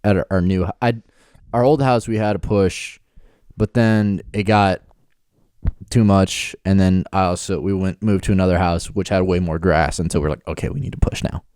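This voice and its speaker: A man's voice: low voice, fairly even intonation, normal speed, a little mellow, clean tone, dry recording, clean studio sound. A man co-hosting a podcast in casual chat, joking crudely and laughing often. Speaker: podcast co-host.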